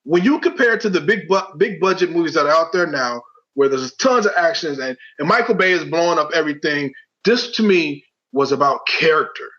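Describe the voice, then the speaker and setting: A man in his thirties argues his side on a casual podcast and keeps cutting in with "listen". His voice is bright and slightly high, with a lively pitch. The recording sounds dull and lo-fi. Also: a little fast. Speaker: podcast co-host. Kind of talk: casual chat.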